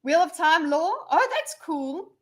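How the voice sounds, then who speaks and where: A woman's voice: very high-pitched, very animated, measured pace. A woman hosting a casual livestream, rambling and reading viewers' messages aloud with lots of fillers and restarts. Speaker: livestream host.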